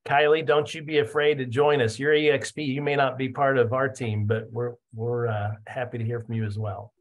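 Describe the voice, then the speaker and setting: A man's voice: mid-range voice, fairly even intonation, fairly quick. A man hosting a team video call, upbeat and encouraging as he invites others to speak. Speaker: meeting host.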